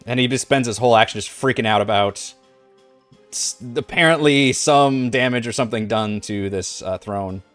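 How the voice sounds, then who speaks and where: Smooth-voiced man running a tabletop game. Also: mid-range voice, moderate pace, fairly bright tone, no echo, faint music behind. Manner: casual, thinks aloud with many fillers. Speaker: game master.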